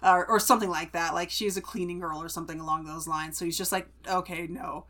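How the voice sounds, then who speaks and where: A woman co-hosting a podcast, summarizing a book in animated, chatty casual talk. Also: on the low side, fast. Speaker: podcast co-host.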